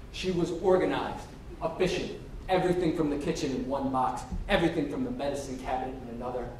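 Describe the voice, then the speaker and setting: A man giving a storytelling speech as a contestant at a public speaking competition, acting out the quoted dialogue. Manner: lively, acts out quoted dialogue. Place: hall. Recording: echoey hall from far off with faint rumble.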